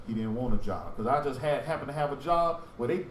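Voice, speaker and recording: A man teaching a religious group in sermon style, with animated storytelling that acts out street talk. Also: mid-range voice, fast, roomy sound, far from the mic, a little hiss or hum, poor audio.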